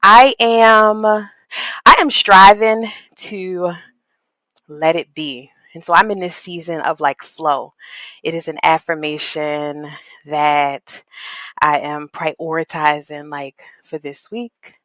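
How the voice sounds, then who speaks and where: Slow, low-voiced reflective woman guest. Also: fairly even intonation, dry recording. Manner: thoughtful, searching, heavy use of "like" and "um"; warm, earnest, spiritual. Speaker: podcast guest, equity coach and consultant. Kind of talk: reflective conversational interview.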